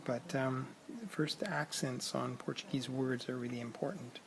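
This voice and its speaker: A man recording a casual video diary in a busy public place, talking haltingly with many ums and clearing his throat, his voice cracking a little. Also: medium pitch, fairly even intonation. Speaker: vlogger learning a language abroad. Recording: crowd noise behind.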